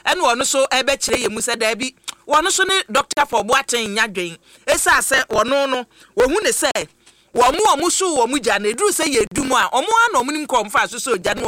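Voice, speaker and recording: A man hosting a radio talk show, addressing listeners as family and introducing guests in an animated way. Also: very high-pitched. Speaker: host.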